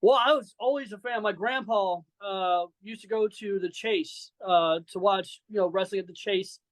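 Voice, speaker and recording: In a casual interview, a forties-aged wrestler from Saint Louis, Missouri, talks in a voice that sits high, at a moderate pace, filling his speech with fillers and throwing in brash trash-talk. The audio is dry and of poor quality.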